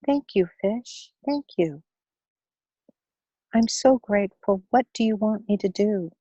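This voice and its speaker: A woman voicing a poor grieving widowed mother who pleads in a halting, tearful way, in a spoken story. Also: mid-range voice, expressive, dark tone, breathy edge, no room sound, highs cut off. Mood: grateful.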